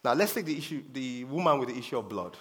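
A man's voice: medium pitch, expressive, fast. A man preaching a sermon with emphasis, repeating his key phrases for effect. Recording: long reverb of a hall.

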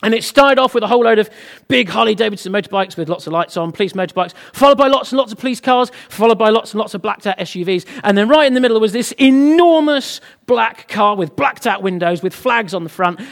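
A man's voice: high-pitched, vocal fry, a bit bright. A British man preaching a sermon, telling a humorous personal story to the congregation in a chatty way. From Britain. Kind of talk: sermon with anecdote.

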